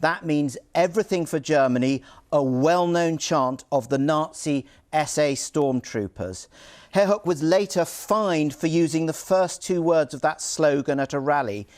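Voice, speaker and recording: Male news anchor, slightly high voice, firm and pressing interviewer. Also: unhurried, a little mellow. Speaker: news presenter.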